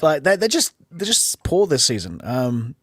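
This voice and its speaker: A man's voice: a little high, very animated, moderate pace, a bit bright, husky, no echo, studio quality. A man, co-hosting a football podcast and telling stories while laughing along. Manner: laughs at own anecdotes, storytelling. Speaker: podcast co-host. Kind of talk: casual football chat.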